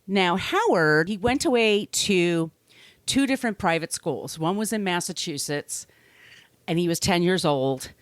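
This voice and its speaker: A woman's voice: fairly low pitch, animated, a little slow, dry recording. A middle-aged woman co-hosting a podcast, telling a story in a chatty, profane way and often restarting her sentences. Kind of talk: casual storytelling chat.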